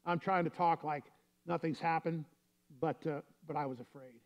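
A man's voice: fairly high pitch, steady tone, moderate pace. Lo-fi man preaching a sermon. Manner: storytelling, conversational preaching. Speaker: pastor.

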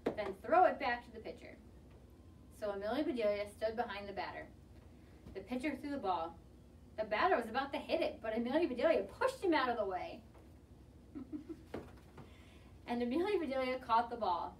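Lively woman reading a picture book aloud. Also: on the high side, fast talker, a little hiss or hum. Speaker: storybook reader. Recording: distant mic with faint ambience.

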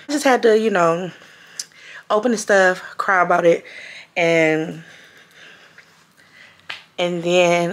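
A woman's voice: lowish voice, gravelly. A woman vlogging in a casual, emotional way, often repeating her own phrases. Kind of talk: casual vlog talk. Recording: noticeable background noise.

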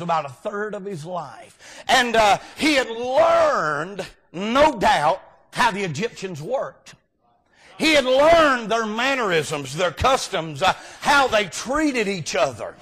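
Guy preaching in a church, high voice, folksy and loud, shouts a lot. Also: big pitch swings, unhurried, husky. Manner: folksy, often bursts into shouting. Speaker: guest preacher. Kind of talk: revival sermon. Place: church sanctuary.

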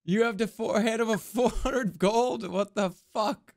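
A man streaming a video game in casual, jokey commentary, reading the on-screen text aloud and reacting with excitement. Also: high-pitched, measured pace.

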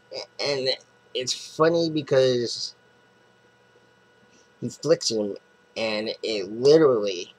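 A man's voice: lowish voice, slight background noise, low-quality recording. A man casually recapping a comic book plot, rambling with lots of fillers and restarts.

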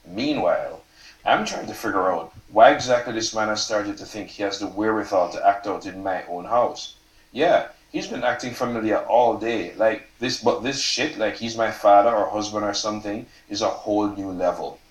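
A man, the author, reading aloud from his novel at a live event, expressive and casual, sometimes swearing and laughing at his own lines. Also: on the low side, normal speed. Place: event stage before an audience. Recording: roomy hall, mic from far off.

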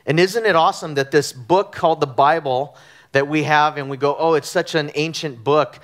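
A middle-aged man from Southern California preaching a conversational sermon, telling animated stories with frequent ums and restarts. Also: on the high side, moderate pace. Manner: animated storytelling with frequent fillers. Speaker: pastor. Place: church sanctuary.

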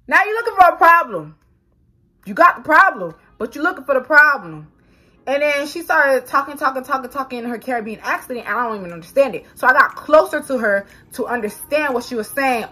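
A woman vlogger telling a storytime to her viewers, animated and swearing freely. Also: high voice, breathy edge. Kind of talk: storytime vlog.

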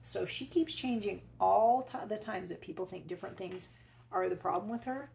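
A woman teacher reads a picture book aloud to children, expressive and unhurried. She stops now and then to ask her listeners questions. Her mid-pitched voice carries a light gravelly fry. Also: a little hiss or hum, rough recording. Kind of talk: children's read-aloud storytelling.

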